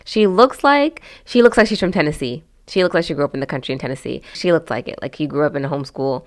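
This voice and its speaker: A woman with a notably low voice talks through a casual commentary vlog. She is chatty and candid, trailing off and restarting often, with plenty of fillers as she shares frank opinions. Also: fast talker. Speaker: host.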